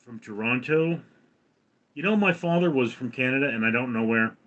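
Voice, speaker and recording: American guy on a livestream reading out chat comments, rambly, restarts a lot, average pitch. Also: moderate pace, a bit bright, muffled recording. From United States. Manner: rambling, reads viewer comments aloud and chats back. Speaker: livestream host.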